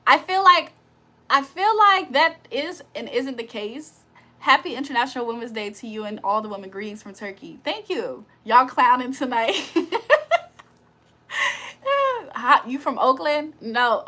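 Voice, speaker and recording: A woman's voice: sits high, moderate pace, pushed and bright. A woman hosting a casual live stream, reading viewer comments aloud and joking around with plenty of laughter and loose slang. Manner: playful, joking, laughs often; slangy, loose street-style talk. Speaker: livestream host.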